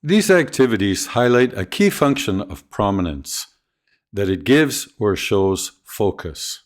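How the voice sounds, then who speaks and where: A man narrating a scripted video on teaching pronunciation, speaking in a clear, deliberate, instructional way. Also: on the low side, sing-song. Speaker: ESL teacher trainer.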